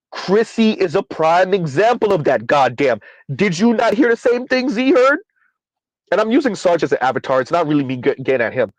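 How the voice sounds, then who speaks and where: Here the man hosting the live-streamed commentary show sounds somewhat high and a little mellow. He addresses viewers emphatically, reads their comments, and frequently repeats himself for effect, all in dull audio with no echo.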